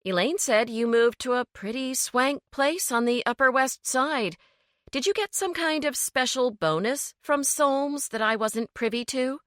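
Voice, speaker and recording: A woman's voice: high-pitched, measured pace, a bit bright, no room sound, clean studio sound, pitched above the performer's own voice. A woman reader voicing an earnest, grieving woman. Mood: probing. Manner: earnest, pressing questions.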